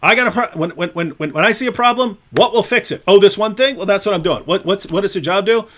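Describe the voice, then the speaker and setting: A man's voice: high voice, quick pace, fairly bright tone. A man co-hosting a casual online discussion, sarcastic and mocking as he talks. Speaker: co-host.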